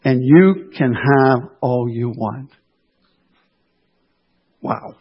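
A man's voice: medium pitch, extremely slow, slightly rough, dull audio. A man preaching a sermon, emphatic and repeating his key phrases for weight.

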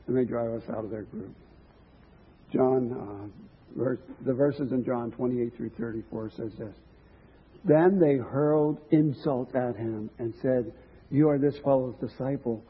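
A man's voice: mid-range voice, fairly even intonation, measured pace, long pauses, slightly rough, long reverb tail. A man preaching a sermon, earnest and musing, with chuckles and some restarts. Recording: tinny phone-like line.

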